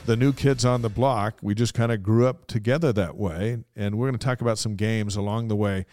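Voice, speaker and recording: A man co-hosting a casual sports podcast, telling anecdotes in a lively way. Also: lowish voice, brisk. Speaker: podcast co-host. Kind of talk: casual sports chat and storytelling.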